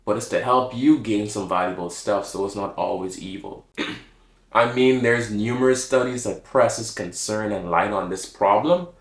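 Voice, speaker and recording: Man, low voice, reflective monologue to camera, slangy and heartfelt, echoey room. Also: measured pace. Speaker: vlogger.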